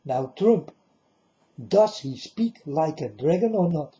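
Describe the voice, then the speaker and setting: A man's voice: a little high, animated, takes it slowly, dark tone. A man preaching to the camera in a monologue, firing off repeated rhetorical questions at the viewer. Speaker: religious video preacher. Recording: dull lo-fi recording.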